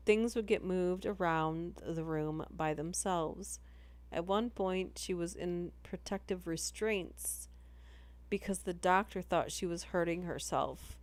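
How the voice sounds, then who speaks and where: A woman's voice: fairly low pitch, slow. A woman reading ghost stories aloud on a livestream in a casual, chatty way, breaking off into giggles between passages.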